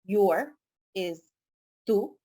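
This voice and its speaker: A woman's voice: mid-range voice, lively intonation, drawn-out words, warm tone. A woman teaching a vocabulary lesson online, speaking patiently and repeating each word for her students. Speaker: pharmacy tech Spanish tutor.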